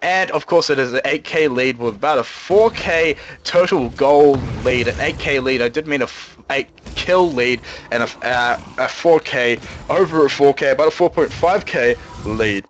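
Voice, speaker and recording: A man's voice: normal speed, highs cut off, slight background noise. A young man doing solo play-by-play commentary on a video game, joking and rambling, his voice jumping up when the action heats up. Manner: jokey, rambling, pitch leaps up when excited.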